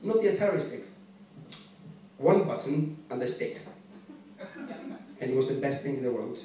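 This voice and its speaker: A man from Greece with a Greek accent performing a stand-up comedy set, deadpan and conversational, teasing the crowd. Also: mid-range voice, moderate pace. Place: comedy club stage. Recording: echoey room from a distance.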